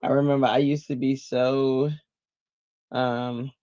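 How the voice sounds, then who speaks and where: A man's voice: mid-range voice, takes it slowly, no echo, muffled recording. Chatty middle-aged man hosting a craft stream. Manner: chatty, laughs often, animated storytelling. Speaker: crafting livestream host. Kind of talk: casual livestream chat.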